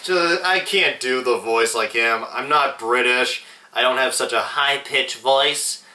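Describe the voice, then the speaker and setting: A young man talks through a movie review at a slow, unhurried pace. His profane, rambling delivery is full of restarts, and his voice is bright and forceful. The room's echo makes him sound set back from the mic. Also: mid-range voice. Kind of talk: casual movie review vlog. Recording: echoey room, mic at a distance.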